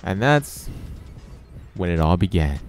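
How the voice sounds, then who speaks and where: Young male host, low-ish voice, deadpan-sarcastic storyteller over gameplay. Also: takes it slowly, faint music behind. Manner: sarcastic, exasperated ranting. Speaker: channel host.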